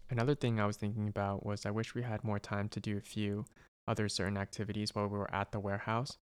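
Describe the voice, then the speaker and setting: Casting: young male med student, even, smooth delivery, earnest and reflective, casual chat. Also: fairly low pitch, fast. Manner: earnest, reflective, thinks out loud with restarts. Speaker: medical student. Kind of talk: casual conversation.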